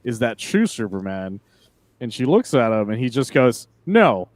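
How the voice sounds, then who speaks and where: Animated man in casual podcast chat. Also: mid-range voice, moderate pace, no echo. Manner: animated, swearing, acts out quotes with laughs. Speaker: podcast co-host. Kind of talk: casual comic book discussion.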